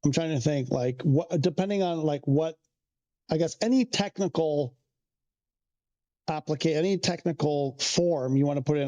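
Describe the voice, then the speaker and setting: A man's voice: on the high side, moderate pace, dark tone. A man from Canada, chatting casually on a livestream, rambling and restarting as he answers viewers' questions. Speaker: streamer.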